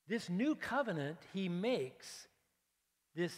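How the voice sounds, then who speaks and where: A male pastor giving a conversational, animated sermon, acting out prayers and dropping into hushed asides. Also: high-pitched, slow, long reverb tail. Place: church sanctuary.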